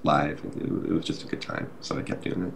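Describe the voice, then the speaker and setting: A man's voice: a little fast, a little hiss or hum. A young man chatting casually as a podcast guest, laid-back and explaining things step by step. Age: young adult. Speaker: guest gamer.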